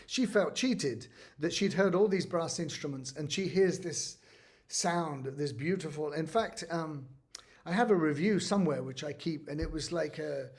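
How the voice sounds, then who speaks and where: A man's voice: fairly high pitch, a little mellow. A man, a guest musician, talking animatedly in a conversational interview and often saying "you know". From United Kingdom.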